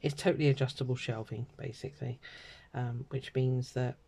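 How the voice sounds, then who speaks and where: Croaky British woman chatting while crafting. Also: very deep voice, fairly even intonation, moderate pace, mellow. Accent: British English. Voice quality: croaky throat. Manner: chatty and rambling, many ums and asides. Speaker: craft vlogger. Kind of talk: casual chat while stamping and colouring.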